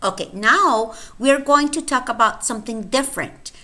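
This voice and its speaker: A woman teacher giving a recorded lecture, explaining carefully and deliberately and checking in with "okay?". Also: a little high, pushed and bright.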